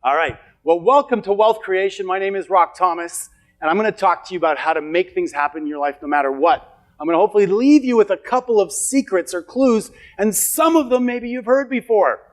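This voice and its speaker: In an event hall, a middle-aged man addresses an audience at a motivational seminar, telling stories with emphatic, repetitive phrasing. He is a motivational speaker with a high voice who talks fairly quickly.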